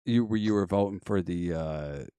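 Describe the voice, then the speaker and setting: A man hosting a casual live stream, reading the chat and joking easily with callers. His voice sits very low, and the sound is dry and close with no room echo. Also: normal speed, warm tone, smooth. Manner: laid-back, reads chat and banters with callers.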